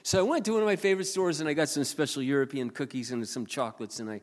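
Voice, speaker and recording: A man pastor telling a story in a sermon, often clearing his throat as he retells conversations. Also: on the high side, rapid-fire. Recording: long hall reverb.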